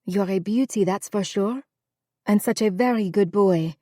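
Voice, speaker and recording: A woman narrator voicing a polished, nervous young Parisian woman with a Parisian French accent, talking quick and light. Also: mid-range voice, mellow, no room sound, clean studio sound, natural voice. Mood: polite. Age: young adult.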